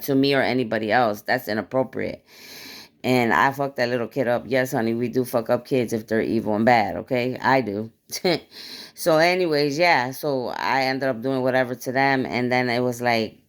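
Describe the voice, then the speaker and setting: A woman casually recounting a dream to viewers with blunt, profane, animated storytelling; her mouth is dry. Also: extremely low pitch, normal speed. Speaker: spiritual vlogger.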